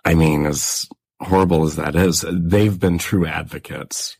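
A man's voice: sits low, fairly even intonation, measured pace, creaky, darkish tone, breathy edge. A man co-hosting a radio talk show, effusive and encouraging in casual conversation. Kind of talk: casual on-air chat.

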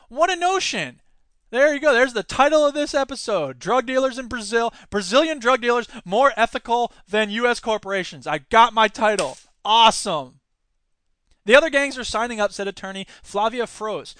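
A man's voice: high-pitched, a bit bright, no room sound. A man hosting a solo podcast, giving opinionated, digressive commentary with self-deprecating asides. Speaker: podcast host.

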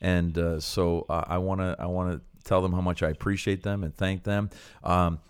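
A middle-aged man hosting a ministry podcast, talking earnestly and encouragingly, with many pauses and fillers. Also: low voice, level tone, clear, resonant tone, no room sound, studio quality. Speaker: podcast host, preacher. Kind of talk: casual podcast talk.

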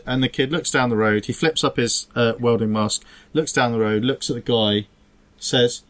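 A man's voice: mid-range voice, fairly even intonation, normal speed, fairly bright tone. A man, co-hosting a podcast and telling a long joke in a rambling way, breaking off and restarting often. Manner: rambling, self-interrupting storyteller with stray laughs. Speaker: podcast co-host. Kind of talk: casual chat, joke telling.

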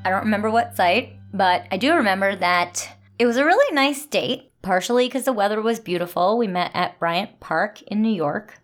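A woman's voice: medium pitch, animated, normal speed, hardly any pauses, faint music behind. A woman co-hosting a podcast, chatting playfully and telling a candid personal story. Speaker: podcast co-host. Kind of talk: casual chat and personal storytelling.

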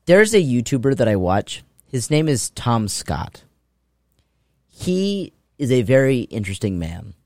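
A man co-hosts a podcast in casual chat, playful and quick to joke. His pitch moves around a lot, giving him a lively, animated sound. The recording is close and dry. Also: dry recording. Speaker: podcast co-host.

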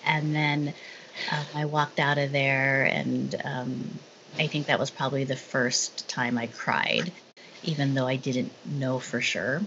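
A woman candidly recounting a personal experience in casual conversation, halting with fillers and restarts. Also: rumbling low, little pitch movement. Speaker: guest sharing her story. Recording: dull lo-fi sound with faint noise.

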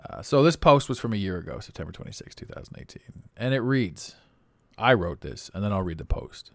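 A man's voice: a little fast, gravelly, no echo, clean studio sound. A man hosting his own podcast in a casual monologue, rambling and self-amused, often laughing. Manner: animated pitch swings. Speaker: podcast host.

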